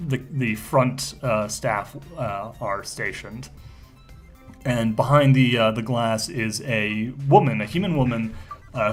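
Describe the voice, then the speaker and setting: A man running a tabletop role-playing game, narrating in a halting way full of fillers and restarts. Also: mid-range voice. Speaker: game master.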